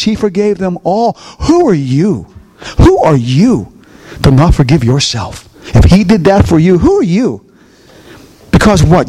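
Storytelling pastor preaching to a congregation. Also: male voice, high voice, darkish tone. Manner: storytelling, asks the congregation questions. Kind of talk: sermon. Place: church before a congregation.

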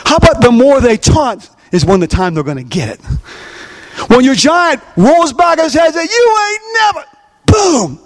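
A man preaching a sermon, animated and questioning his congregation as he acts out scenes. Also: very high voice, normal speed. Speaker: pastor.

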